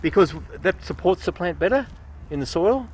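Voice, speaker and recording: Nurseryman, straight man: medium pitch, animated delivery, faint outdoor noise. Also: normal speed. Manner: patient, explaining, plays straight man. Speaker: nurseryman host. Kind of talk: casual gardening demonstration.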